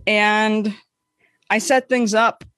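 A woman co-hosting a podcast, telling a story in casual chat, animated and swearing freely, acting out the voices she quotes. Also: mid-range voice, drawn-out words, no echo, clean studio sound. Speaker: podcast co-host.

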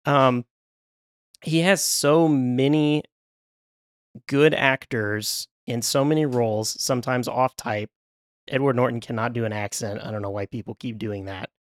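A man in a loose film-podcast discussion, talking at a middle pitch with a rambling, stop-start delivery. He laughs often as he goes and trails off mid-thought. The sound is close and dry, with no room around it. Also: fairly even intonation, measured pace, no room sound. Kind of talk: casual film review discussion.

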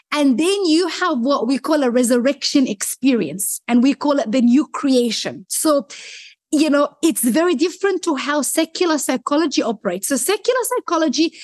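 Aussie woman, high voice, dry close sound, gets all excited acting out the conversations. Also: no room sound. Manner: excitable, acts out dialogue with rising pitch. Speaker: guest sharing a faith testimony. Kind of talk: animated storytelling interview.

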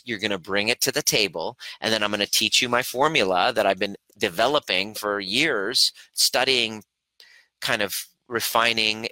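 A man's voice: lowish voice, sharp tone, no room sound, poor audio. A man hosting a live Q&A, earnestly coaching viewers and acting out his own inner voice. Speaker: host, breathwork and trigger coach. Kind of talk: live-streamed Q&A teaching.

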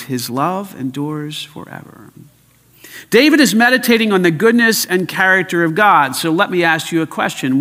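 Older male pastor preaching in a long-reverb hall. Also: a little high. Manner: emphatic, swings between loud and hushed. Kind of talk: sermon.

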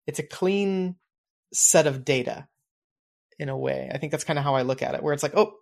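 Pitched on the high side with some vocal fry, this podcast co-host speaks at a moderate pace. His casual talk is rambling and reflective, full of fillers, as he lays out his planning habits in detail.

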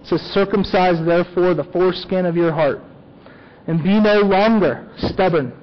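A man's voice: sits high, normal speed, highs cut off. A man preaching a sermon as a pastor, talking conversationally and often checking in with "okay?".

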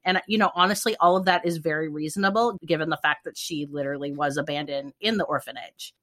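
A woman's voice: fairly low pitch, pushed and bright. A woman in her thirties co-hosting a podcast, talking in an earnest, chatty way, full of little fillers as she tells a story. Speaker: podcast co-host. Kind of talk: casual podcast chat.

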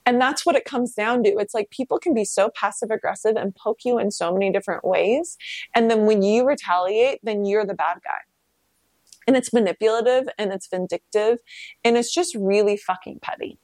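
A woman hosting a casual solo podcast, talking candidly and self-reflectively, with swearing and pitch leaps when emphatic. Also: moderate pace, a little mellow, no echo. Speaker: podcast host.

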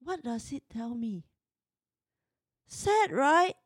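Woman in her fifties, exasperated storytelling, high and swooping voice, dry close sound. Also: big pitch swings, very slow, no room sound. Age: 50s. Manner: emotional, exasperated retelling. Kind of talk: personal storytelling.

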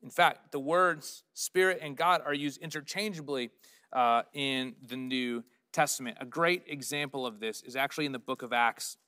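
A man's voice: mid-range voice, bright, forceful tone, clear, resonant tone. A middle-aged man preaching a sermon as pastor, telling stories and building to emphatic peaks.

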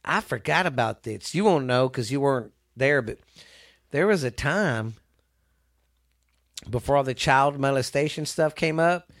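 A man's voice: medium pitch, animated, measured pace, long pauses, a bit bright, dry recording, studio quality. Rambling, profane man in casual chat. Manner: rambling, profane movie retelling with acted quotes. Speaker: podcast co-host.

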